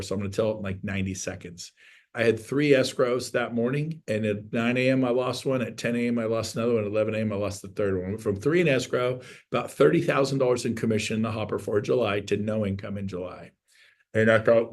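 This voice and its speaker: A man in his fifties giving a motivational real estate coaching talk on a video call, emphatic and preachy, repeating key points and acting out quotes. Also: mid-range voice. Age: 50s.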